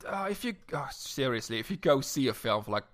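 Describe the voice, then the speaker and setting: A young man co-hosting a podcast in casual chat, animated and jokey, often breaking off and restarting. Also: mid-range voice, a little fast. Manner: animated, self-interrupting, jokey. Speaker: podcast co-host. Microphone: close podcast mic.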